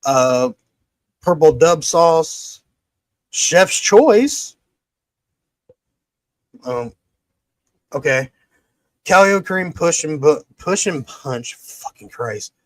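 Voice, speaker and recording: A podcast host rambling through a sponsor read in a slightly high voice, swearing and stumbling as he goes. His mic sound is close and dry, with no room around it. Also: lively intonation, very slow, long pauses, no echo.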